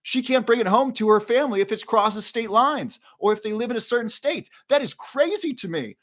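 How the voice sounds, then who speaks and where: A man's voice: extremely high pitch, expressive, fairly quick, a bit bright. Middle-aged guy ranting on his live stream, fired up and outraged, stumbles over words. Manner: indignant, ranting, repeats words when heated. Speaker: show host. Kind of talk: impassioned live-stream monologue.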